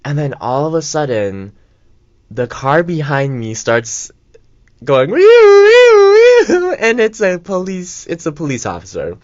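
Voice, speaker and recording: A man's voice: mid-range voice, sing-song, measured pace, dry recording. A young man co-hosting a radio show, telling a story in a rambling, casual way with lots of fillers and asides. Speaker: radio co-host. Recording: dull lo-fi college radio mic.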